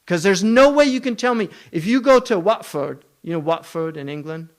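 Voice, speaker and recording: A man's voice: high-pitched, expressive, normal speed. A man giving a religious lecture, emphatic, running through long lists and asking rhetorical questions. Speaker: Islamic scholar lecturing.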